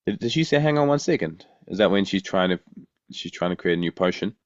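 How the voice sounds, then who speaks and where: A man with a low-pitched voice talks casually as a podcast co-host, often restarting his sentences and throwing questions back. The sound is a bit muffled and lo-fi, with very little room around it. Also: animated, fast talker, no echo. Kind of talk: casual chat.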